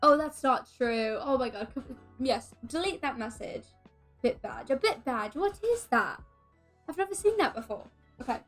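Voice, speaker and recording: Woman putting on a high-voiced mock English accent, casual stream chat. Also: lively intonation, normal speed, soft background music. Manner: chatty, greets and thanks chat while doing her hair.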